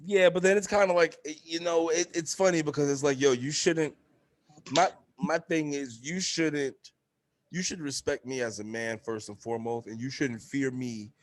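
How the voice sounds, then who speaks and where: A young man hosting a casual podcast, telling animated stories, swearing freely and acting out quotes in a high voice. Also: moderate pace. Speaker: podcast host. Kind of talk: casual chat.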